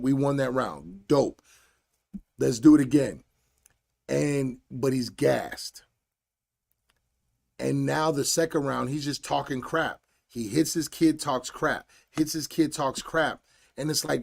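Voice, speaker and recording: Gravelly, blunt man telling a story. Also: fairly high pitch. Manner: blunt and animated, slangy storytelling. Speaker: podcast host and fight coach. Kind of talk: solo podcast monologue.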